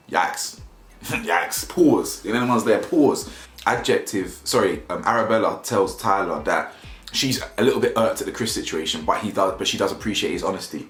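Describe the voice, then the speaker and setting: A man's voice: fairly low pitch, moderate pace. A young man giving slangy, mocking casual commentary as a video reviewer, laughing often. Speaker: YouTube reviewer. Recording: roomy echo, faint music.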